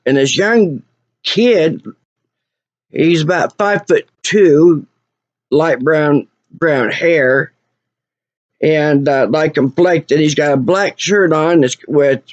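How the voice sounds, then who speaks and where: A woman's voice: low voice, slow pace, long pauses, no room sound. A woman angrily retelling an incident, repeating herself, her voice rising. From Oklahoma. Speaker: vlogger. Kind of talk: angry personal retelling of an incident. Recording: muffled lo-fi recording.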